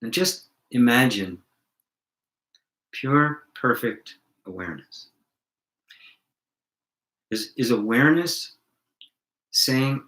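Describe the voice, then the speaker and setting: A middle-aged man leading a spiritual satsang, talking calmly and asking reflective questions as he answers viewers. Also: mid-range voice, slow pace, pauses often, echoey room, low-quality recording. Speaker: spiritual teacher.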